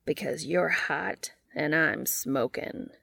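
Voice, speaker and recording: Woman voicing a corny, eager skeleton guy, deep dudeish tone, gravelly edge, dry close sound. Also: a bit bright, dry recording, full character voice. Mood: flirty. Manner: eager pickup lines, slower delivery. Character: flirty male talking skeleton, corny and eager.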